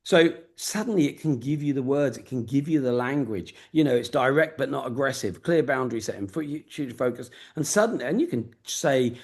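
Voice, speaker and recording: A mid-pitched English man with a Luton and Peterborough accent runs a casual mentoring session over a video call. He is blunt, sweary and straight-talking, the sound of a business mentor speaking plainly to his group. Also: animated, a little fast.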